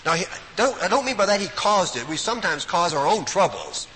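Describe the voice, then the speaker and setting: In a hall full of reverb and faint noise, an animated older preacher gives a sermon-style Bible talk at a Bible study week. His voice sits high and runs fairly quick, folksy and emphatic, with sudden drops to quiet.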